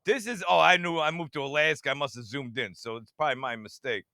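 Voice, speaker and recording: A man rambling excitedly through screen-share commentary and talking straight to his viewers, who keeps asking if they see how it works. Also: a little high, quick pace, dry recording, studio quality. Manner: talks to viewers directly, half-mocking. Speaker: radar-watching channel host.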